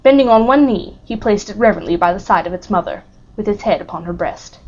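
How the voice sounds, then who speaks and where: A woman narrating an audiobook of a classic novel in a steady, dramatic reading. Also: mid-range voice, fast talker. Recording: muffled lo-fi recording.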